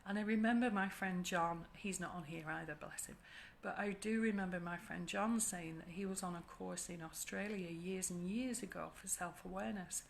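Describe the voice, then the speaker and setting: Woman therapist, soft reflective delivery, a touch of vocal fry, faint noise behind. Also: on the low side. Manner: soft, reflective, slow and gentle. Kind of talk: spiritual morning talk.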